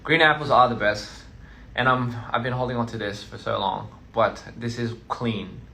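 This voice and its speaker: A man's voice: mid-range voice, steady tone, moderate pace, gravelly, pushed and bright. A man chatting casually on a phone live stream, playful and teasing, as a touring artist talking to his fans.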